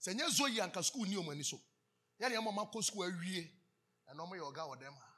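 A man's voice: sits high, animated, fairly quick, bright, forceful tone, husky. A man with a Ghanaian accent preaching a sermon, drawing call-and-response answers and slipping into Twi. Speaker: pastor.

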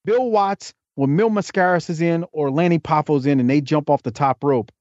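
A man's voice: on the high side, moderate pace, a little mellow, no room sound. A man talking as a podcast guest, telling wrestling stories in a loose, chatty, joking way. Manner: talkative, storytelling, jokey asides. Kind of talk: casual interview chat. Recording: dull lo-fi dry podcast audio.

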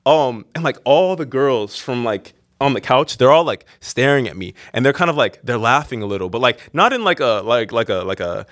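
A young man tells a story in a loose, rambling way, stumbling over repeated words and laughing at his own mishaps. His pitch swings freely as he gets into it, and the voice sounds close and dry. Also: expressive, moderate pace, few pauses, fairly bright tone, no echo. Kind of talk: casual personal anecdote.

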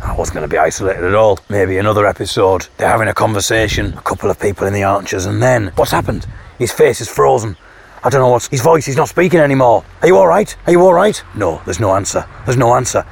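A man's voice: on the low side, fast, vocal fry, a little hiss or hum. A man telling stories in a casual vlog, acting out people's voices as he retells them. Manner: mimics voices when retelling. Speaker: vlogger. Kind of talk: casual storytelling monologue. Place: home, eating with partner.

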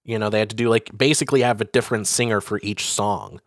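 A man's voice: fairly low pitch, fairly even intonation, fast, no room sound, clean studio sound. A man co-hosting a podcast, chatting casually about movies with lots of fillers and jokes. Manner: rambling, filler-heavy, jokey. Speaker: podcast co-host.

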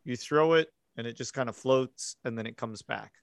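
A man running a tabletop game as game master, narrating the scene in a measured, unhurried way. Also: mid-range voice, vocal fry, clear, resonant tone, no echo.

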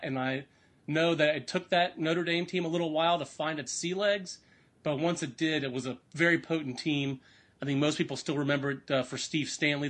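Rambling man with a slightly high voice. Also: a bit bright. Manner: rambling, many restarts and fillers. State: sick. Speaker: college baseball analyst. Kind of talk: casual podcast chat.

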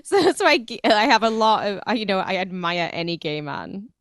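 A woman's voice: medium pitch, lively intonation, fairly quick, a bit bright, dry recording, studio quality. A woman co-hosting a podcast in casual chat, crude and giggly. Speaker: podcast co-host.

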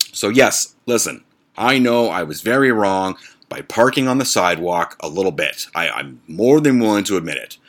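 A man's voice: on the low side, fairly bright tone. A man hosting a podcast, telling a story in a blunt, profane, exasperated rant. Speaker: podcast host.

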